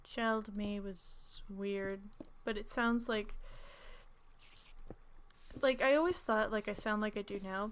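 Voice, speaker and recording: A woman's voice: mid-range voice, steady tone, slow pace, pauses often, smooth. A young woman streaming a game, chatting casually in a rambling, giggly way full of fillers, with what she calls an alto voice. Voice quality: self-described alto voice. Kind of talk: casual gaming stream chat.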